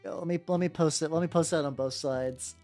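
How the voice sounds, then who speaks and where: A woman's voice: low-pitched, fairly quick, dark tone. A woman from America streaming as a VTuber while painting miniatures, chatting casually with viewers in a rambling, profane way. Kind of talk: casual livestream chat. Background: faint background music.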